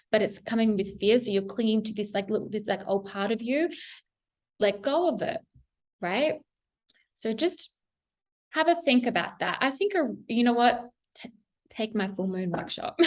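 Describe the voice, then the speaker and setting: A young adult woman giving a casual tarot reading, chatty and encouraging, laughing often and talking with many fillers. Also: mid-range voice. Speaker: tarot reader.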